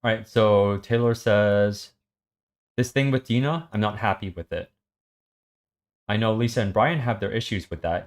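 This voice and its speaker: A man recapping and reading a web serial aloud, halting with many ums. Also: fairly low pitch. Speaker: story reader.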